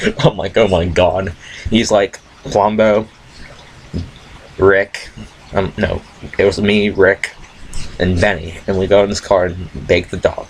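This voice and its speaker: A young man tells a loose, profane story in a laid-back, rambling way, full of restarts. His voice sits low. A faint hiss runs behind him. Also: low-quality recording. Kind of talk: rambling casual anecdote.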